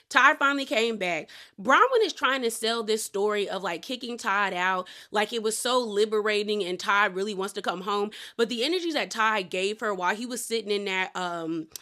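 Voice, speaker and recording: A woman's voice: mid-range voice, pushed and bright. A woman hosting a casual reality TV recap, chatty and opinionated, full of slang and "girl" asides.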